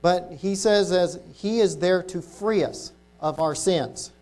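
Mellow-voiced man giving a sermon. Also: high-pitched, faint music behind. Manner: conversational, reads Bible verses slowly and deliberately. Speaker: lay preacher. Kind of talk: informal sermon with scripture reading.

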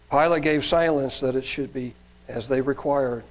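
A man's voice: fairly high pitch, fairly even intonation, moderate pace, a little mellow, poor audio. A man preacher reading Bible passages aloud and adding sermon comments, raising his voice for quoted cries, with some fillers and restarts.

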